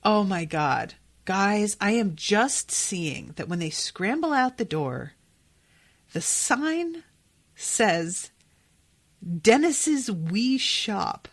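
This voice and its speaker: Woman podcast host, casual and excitable, loose and sweary reaction commentary. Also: mid-range voice, slow. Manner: chatty, excitable, swears freely, many fillers.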